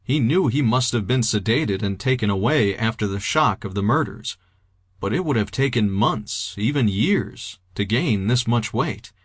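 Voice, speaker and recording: A man reading a novel aloud in a steady, even audiobook narration. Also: on the low side, normal speed, breathy edge, no echo, clean studio sound. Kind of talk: scripted narration.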